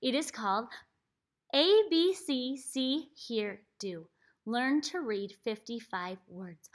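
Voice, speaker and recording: This woman, a reading teacher, reads a phonics book to young children slowly and animatedly, her voice on the high side. Her voice leaps playfully as she performs each letter sound, captured through a laptop microphone.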